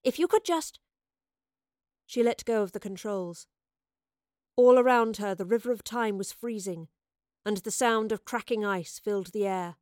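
A woman's voice: medium pitch, normal speed, dry recording, clean studio sound. Dramatic woman narrating. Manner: expressive, dramatic storytelling. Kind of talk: audiobook narration.

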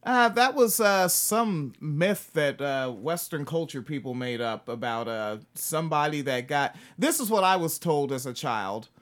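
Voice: mid-range voice, expressive, measured pace, few pauses. A podcast co-host in casual chat who keeps tossing in wry, joking asides.

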